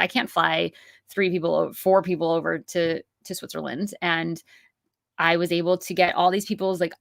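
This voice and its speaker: A woman's voice: fairly low pitch, vocal fry, a bit bright, dry recording, studio quality. A woman in her thirties hosting an online course, teaching in a chatty, upbeat way with many asides and fillers. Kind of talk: live-streamed teaching with Q&A.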